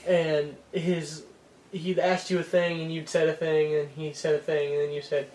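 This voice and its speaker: A man's voice: a little high, flat delivery, normal speed, darkish tone. A man co-hosting a podcast, telling an anecdote in casual chat and acting out the quoted lines. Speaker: podcast co-host. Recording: echoey room.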